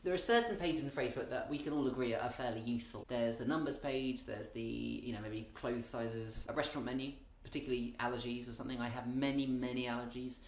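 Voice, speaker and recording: A man's voice: mid-range voice, steady tone, quick pace, hardly any pauses. Wry British man in an echoey room. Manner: wry, rambling, self-interrupting. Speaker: comedian. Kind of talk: comic monologue.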